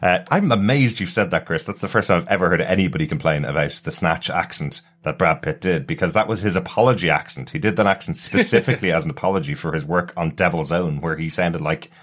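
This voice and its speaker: A man co-hosting a podcast in casual chat, talkative and quick to laugh as he explains things at length. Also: low voice, a bit bright. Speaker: podcast co-host.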